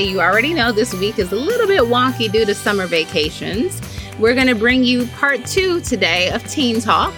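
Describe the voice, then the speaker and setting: A woman host giving an upbeat, scripted introduction to a podcast episode. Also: medium pitch. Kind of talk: show introduction. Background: music.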